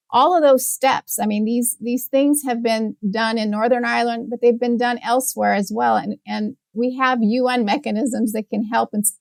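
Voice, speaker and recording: Higher-voiced woman explaining policy. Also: no room sound. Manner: measured, steady explaining. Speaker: guest policy expert. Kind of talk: explanatory interview answers.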